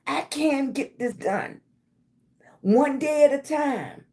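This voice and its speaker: A middle-aged woman hosts a motivational livestream. She talks slowly and pushes each affirmation again and again, calling her viewers baby. Her voice sits a little high. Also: expressive, dark tone. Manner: emphatic, repetitive affirmations, calls viewers baby. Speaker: livestream host.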